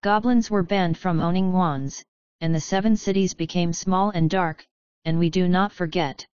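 A woman's voice: fairly low pitch, steady tone, moderate pace, a little mellow, clear, resonant tone, dry recording, highs cut off, lightly acted. A woman voicing a small, proud, bitter male goblin leader who gives a grand speech in a raw, emotional voice.

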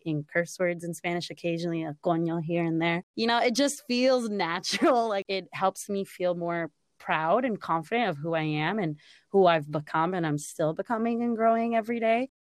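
A woman from Los Angeles with a Californian accent, talking fast and projecting loudly in a casual podcast chat. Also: lowish voice, no room sound, clean studio sound. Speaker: podcast guest.

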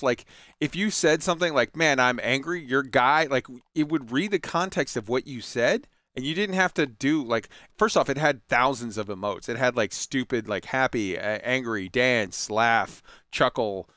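A man's voice: mid-range voice, fairly bright tone, clean tone, no room sound, studio quality. A man talking casually and enthusiastically about an old game, rambling with fillers, restarts and swearing. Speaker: gaming commentator. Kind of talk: casual chat.

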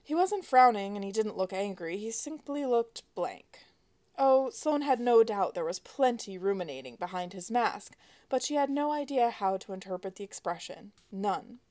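Woman reading her own sci-fi book out loud, wry and lively. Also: mid-range voice, normal speed. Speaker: author and narrator. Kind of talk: audiobook narration.

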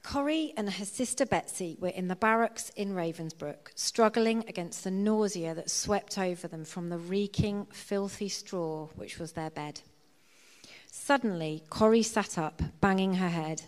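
Woman, reading aloud, measured storytelling, church, long reverb. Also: lowish voice, darkish tone. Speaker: scripture reader.

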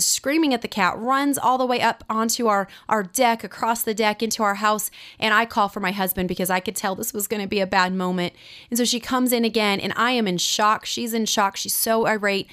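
A middle-aged woman preaching, telling a family story dramatically with slow, drawn-out suspense. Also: a little high, fairly bright tone. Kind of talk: sermon with a personal story.

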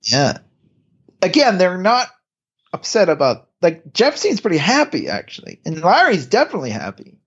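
A man co-hosting a podcast and recapping a TV episode in easygoing chat. His pitch swings up and down in a bouncy way, and he rambles, trips over restarts and chuckles between points. The audio sounds a bit dull and lo-fi. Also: wildly swooping pitch, moderate pace, fairly bright tone, breathy edge. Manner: rambling, lots of restarts and laughter. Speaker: podcast co-host.

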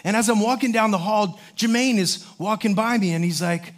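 A man preaching a sermon as a pastor, telling a story in an animated way and acting out the voices of the people in it. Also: sits high, brisk. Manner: animated storyteller, acts out voices, many fillers.

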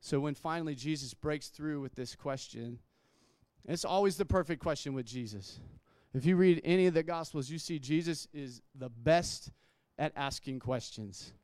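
A man's voice: a little high, normal speed, darkish tone, smooth, no echo, clean studio sound. A man preaching a sermon in a conversational way, restarting words and acting out quotes. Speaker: pastor.

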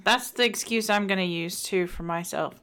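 A woman's voice: medium pitch, moderate pace, fairly bright tone, smooth. A young woman co-hosting a casual gaming news podcast, joking easily and laughing along with her co-host.

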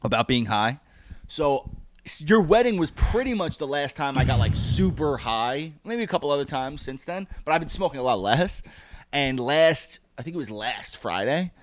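A man in casual chat, telling a funny anecdote in a profane, animated way and laughing as he goes. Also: mid-range voice, normal speed, slight background noise.

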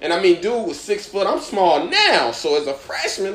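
A man's voice: sits high, moderate pace, few pauses, reverberant. A young man, a comedian, telling a story in casual chat and acting out the voices in it. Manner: animated storyteller, acts out voices in his stories. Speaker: comedian and podcast host.

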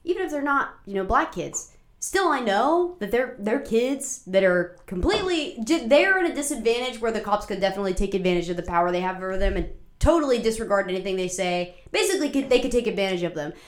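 A woman's voice: medium pitch, animated, quick pace, roomy sound. A woman speaking frankly in a casual chat, swearing now and then.

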